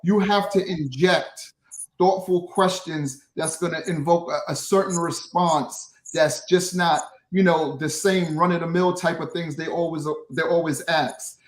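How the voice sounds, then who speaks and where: High-voiced man in an echoey room. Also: steady tone, measured pace. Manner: explanatory, frequent restarts and "right?" tags. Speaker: guest, social media creator. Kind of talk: interview answers. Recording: roomy echo.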